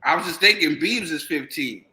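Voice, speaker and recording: A man co-hosting a boxing show jumps in with quick, laughing asides. His voice is bright, fairly high and lively in pitch. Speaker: podcast co-host. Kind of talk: casual chat.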